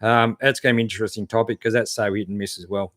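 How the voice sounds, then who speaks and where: A man's voice: lowish voice, steady tone, fast talker, a bit bright, no room sound, studio quality. An Australian man hosting a casual live stream about four-wheel driving, chatting in a laid-back, matey way with lots of fillers as he reads out viewer comments. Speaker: 4WD channel host.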